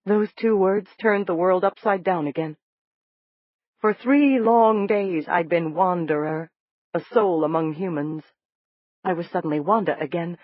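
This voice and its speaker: An audiobook narrator reading a first-person story in a steady, measured way. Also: mid-range voice, dry recording, lo-fi sound.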